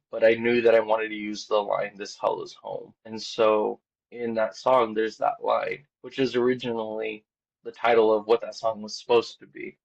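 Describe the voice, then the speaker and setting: A man guest on a podcast, telling a personal story in a rambling, casual way, full of "like" and quoted back-and-forth, mostly quiet and low-key. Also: vocal fry. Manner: rambling, heavy on "like" and quoted dialogue; quiet and low-key, lifting when excited. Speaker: podcast guest, band vocalist. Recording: dull, muffled podcast audio.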